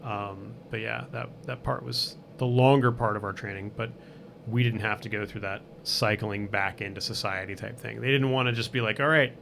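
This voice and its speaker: A man's voice: on the low side, steady tone, normal speed, creaky, a bit bright, slight background noise. A man as a podcast guest in casual chat, rambling with lots of "like" and "um". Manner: rambling, full of fillers like "like" and "um".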